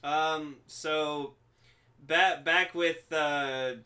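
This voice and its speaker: A man casually recapping a show with friends, rambling with many fillers and loudly acting out the characters. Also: a little high, fairly even intonation, extremely slow. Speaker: podcast co-host.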